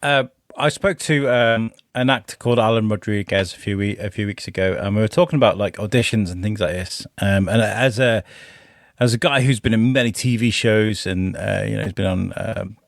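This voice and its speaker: A male host asks his guest questions in a loose, rambling manner, full of fillers. His voice is mid-pitched and recorded dry and close, with no room echo. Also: fairly quick, creaky. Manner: chatty, rambling, with many fillers. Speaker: podcast host. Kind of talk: casual interview questions.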